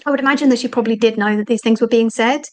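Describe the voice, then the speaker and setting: A woman talking as the guest author in an interview, animated and thinking aloud with frequent fillers. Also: fairly high pitch, rapid-fire, low-quality recording. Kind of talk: conversational interview.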